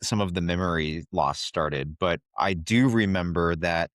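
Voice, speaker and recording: Deep-voiced male podcast host, halting. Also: steady tone, no room sound, studio quality. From Ohio. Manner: halting, searches for how to phrase questions. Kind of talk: casual interview conversation.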